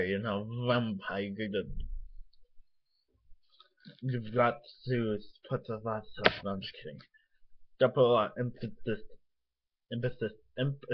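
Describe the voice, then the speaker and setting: A young man with a low, husky voice rambles offhandedly to his webcam at home, swearing as he goes. He is getting over a nosebleed, and the recording is dull and lo-fi. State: recovering from a nosebleed, tastes blood. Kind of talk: casual rambling vlog.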